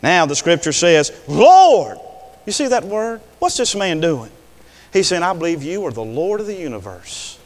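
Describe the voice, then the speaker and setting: An older male preacher delivering an impassioned sermon, swinging between hushed words and loud declarations. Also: on the high side, very animated, normal speed. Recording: long hall reverb.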